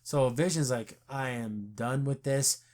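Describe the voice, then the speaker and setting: A man's voice: mid-range voice, unhurried, a little mellow. A man hosting a podcast, casually recapping a TV episode and acting out the characters' lines as he goes. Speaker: podcast host. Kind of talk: casual show review chat.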